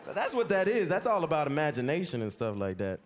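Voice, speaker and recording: A man's voice: a little high, quick pace. A young American man doing a stand-up comedy set, acting out stories with big voices and screams. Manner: animated, acts out screaming kids and voices. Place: comedy club stage with live audience. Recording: live stage set with audience laughter and noise.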